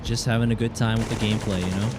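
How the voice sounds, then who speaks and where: Racing along in a lowish voice with fairly even intonation, a British Columbian Canadian man streams a game in a very noisy recording. He's friendly and casual, thanking viewers by name and restarting words, with game music and gunfire in the background.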